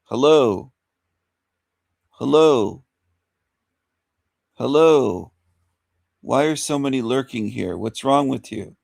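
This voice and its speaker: A man's voice: mid-range voice, expressive, slow, vocal fry, long pauses, a little mellow, no echo, clean studio sound. A man hosting a live stream in casual chat, repeating his greetings over and over and coaxing silent viewers to speak up. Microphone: desk mic.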